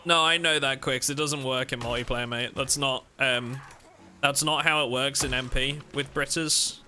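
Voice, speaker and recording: Male streamer, very bright and crisp voice, loose rambling banter with chat. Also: mid-range voice, fairly even intonation, moderate pace, slight background noise. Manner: rambling, self-interrupting, joking with chat. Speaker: game streamer host. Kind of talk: casual live-stream chat.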